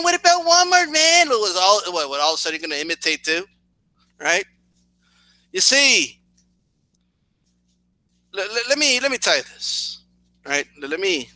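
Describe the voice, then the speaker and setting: Sarcastic male reaction host, high voice that swoops widely, stuttering restarts. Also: no room sound, rough recording. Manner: mocking, animated, frequent restarts.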